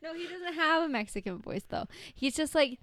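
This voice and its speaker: A woman's voice: high-pitched, lively intonation, brisk, a crowd in the background. A woman co-hosting a comedy podcast who chats casually, rambles and laughs often. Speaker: podcast co-host.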